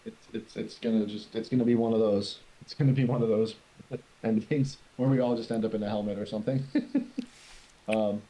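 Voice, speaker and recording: A man co-hosting a casual podcast, talking in a halting way with many ums and restarts. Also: fairly low pitch, steady tone, warm tone, low-quality recording. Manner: halting, stumbling over words with many ums. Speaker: podcast co-host. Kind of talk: casual chat.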